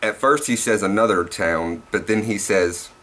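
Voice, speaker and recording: A man's voice: fairly low pitch, normal speed, a bit bright. Profane rambling Southern man vlogger. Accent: Southern US, Tennessee. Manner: rambling and profane, laughs at himself. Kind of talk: casual vlog rant.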